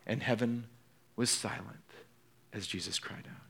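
A male pastor preaching a sermon in an animated way, moving between hushed and emphatic and putting questions straight to his congregation. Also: fairly low pitch, unhurried, gravelly, pauses often, slightly rough.

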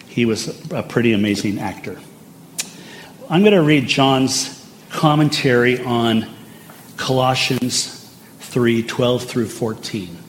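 A man's voice: fairly low pitch, a little hiss or hum. An older man preaching a sermon, telling stories in a conversational way with side remarks. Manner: conversational and anecdotal, with asides. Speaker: pastor.

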